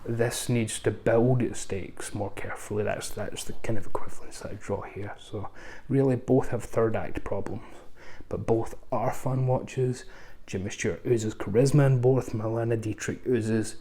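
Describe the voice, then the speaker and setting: A man's voice: lowish voice, steady tone, unhurried, dark tone. A man hosting a casual film review, rambling along with frequent ums, restarts and chatty asides. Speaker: film reviewer, channel host.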